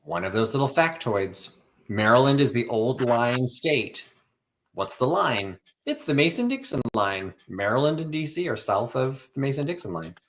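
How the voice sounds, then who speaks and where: A man's voice: medium pitch, very animated, moderate pace. A man co-hosting a live sale stream, chatting casually and telling stories that trail off mid-sentence. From US Midwest. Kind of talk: casual chat.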